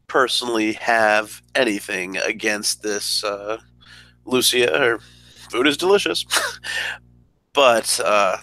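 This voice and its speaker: A man voicing a formal, soft-spoken hired enforcer in a tabletop game, speaking slowly and courteously. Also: on the low side, no echo, exaggerated voice, poor audio. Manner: slow, deliberate, courtly.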